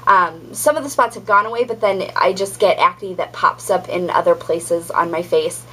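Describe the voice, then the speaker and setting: A woman's voice: on the low side, moderate pace, fairly bright tone, slight background noise, low-quality recording. A young adult woman giving a casual pregnancy update vlog, chatty and rambling with many ums and likes. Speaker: vlogger.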